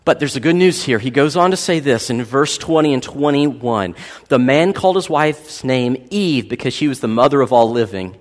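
A man in his thirties preaching a sermon as a pastor, animated and joking as he tells a family story. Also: mid-range voice, normal speed. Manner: animated, joking, acts out voices in anecdotes. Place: church hall. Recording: long hall reverb.

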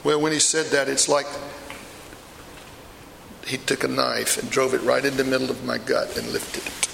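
Passionate middle-aged fisherman apostle Peter, played by a man in a sermon, bright edge, long hall reverb. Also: medium pitch, level tone, moderate pace, vocal fry, slight background noise. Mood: earnest. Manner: storytelling, emphatic, confiding asides. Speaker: preacher performing a first-person monologue. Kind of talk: dramatic monologue sermon.

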